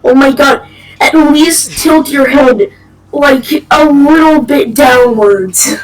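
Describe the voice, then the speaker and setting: A woman's voice: high voice, slow, far from the mic, rough recording. A woman playing in a role-play game, making dry wisecracks. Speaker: player.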